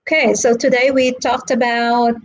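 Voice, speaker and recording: A woman's voice: fairly high pitch, level tone, poor audio. A woman teaching an English lesson in a live-streamed online class, patient and checking in with her students often. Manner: slow, patient, checks in with frequent "okay" and "right".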